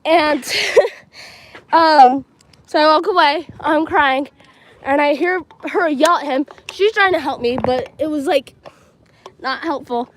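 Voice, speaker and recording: Walking outdoors at a school field and playground, a chatty teen girl livestreams from a handheld phone, telling a rambling casual story full of "like" and "um." Her voice is high and slow, and the rough recording has slight background noise.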